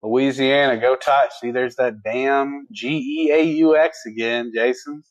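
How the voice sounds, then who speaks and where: A man's voice: mid-range voice, steady tone, unhurried, no echo, rough recording. Laid-back man, dry close sound. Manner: laid-back, folksy, laughs easily. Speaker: livestream co-host. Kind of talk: casual livestream chat reading viewer comments.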